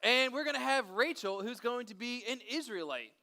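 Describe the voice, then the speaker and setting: A man leading a children's Bible story, energetic, playful and chatty with the kids. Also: very high-pitched, moderate pace. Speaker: children's pastor.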